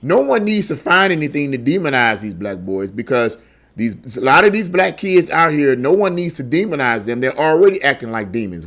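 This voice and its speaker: An online political commentator delivers a heated monologue about a news article, stumbling over repeated words and firing off rhetorical questions. His voice is on the high side with a fairly bright tone.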